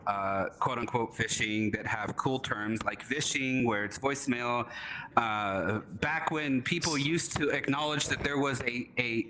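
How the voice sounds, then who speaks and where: A man's voice: mid-range voice, sharp tone, slight background noise, poor audio. A man speaking on a conference panel, talking casually and breaking into raised mock voices of scammers. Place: convention panel room.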